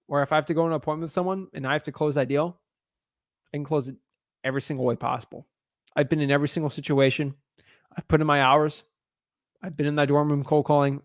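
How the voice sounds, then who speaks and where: Young guy teaching live, super confident and pushy, kinda high voice, dry no-echo sound. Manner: confident, emphatic, pushy delivery. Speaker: real estate wholesaling coach.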